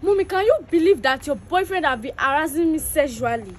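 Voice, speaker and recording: A woman voices a frightened little girl in a very high, childlike voice, small and pleading with a tearful edge. A faint bed of music plays beneath the web skit dialogue. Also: lively intonation, a little fast. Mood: earnest. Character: frightened young girl pleading with her mother. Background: background music.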